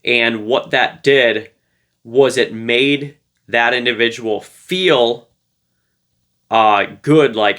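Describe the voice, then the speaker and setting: A man talks through relationship advice to camera very slowly, leaving long pauses. His medium-pitched voice is a bit bright, and his delivery is loose, playful and light-hearted, with plenty of fillers.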